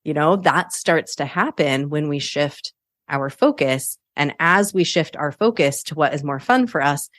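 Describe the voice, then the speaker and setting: A woman's voice: sits low, unhurried, fairly bright tone, dry recording, studio quality. A woman hosting a solo coaching podcast, chatty and upbeat, laughing often as she talks.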